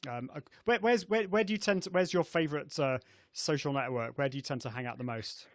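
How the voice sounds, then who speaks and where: A man's voice: fairly high pitch, a little fast, dry recording, clean studio sound. A middle-aged man hosting a live video show, chatty, with lots of fillers and restarts. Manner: chatty, many fillers and restarts, laughs often. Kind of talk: casual live-stream chat. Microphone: video call setup.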